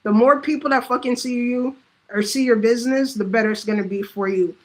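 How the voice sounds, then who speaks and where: Casting: outspoken woman vlogger, slightly high voice, profane and blunt, acts out quotes while giving business advice. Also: brisk, rough recording. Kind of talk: casual unscripted monologue.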